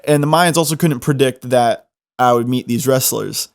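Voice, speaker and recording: A young man hosting a podcast, telling a funny story in an animated, self-mocking way. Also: medium pitch, normal speed, creaky. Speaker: podcast host. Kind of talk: comedic storytelling.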